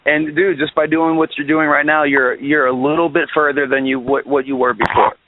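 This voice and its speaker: A man's voice: fairly high pitch, flat delivery, a little fast. A man calling in as a guest musician, talking in a ranting, profane way and often restarting his sentences. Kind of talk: casual phone-in interview. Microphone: phone. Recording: tinny phone line.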